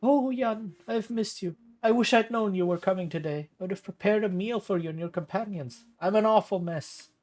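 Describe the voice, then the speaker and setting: A man's voice: sits high, moderate pace, few pauses, pitched above the performer's own voice, close to an everyday voice. A man voicing a pleading young mother. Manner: pleading, soft. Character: worried young woman, distressed mother.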